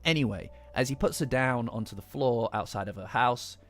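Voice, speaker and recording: A man's voice: medium pitch, moderate pace, a bit bright. A man from England with a Midlands accent, recovering from the flu, chatting casually on a live stream and rambling with many restarts and casual swearing. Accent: English Midlands. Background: faint lofi music.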